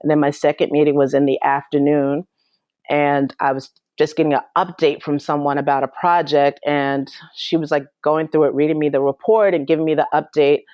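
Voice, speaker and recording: In a podcast interview, a female guest with a deep voice tells personal stories earnestly and with emotion, often restarting her sentences. Her delivery is flat and fairly quick, and the dry recording has its highs cut off.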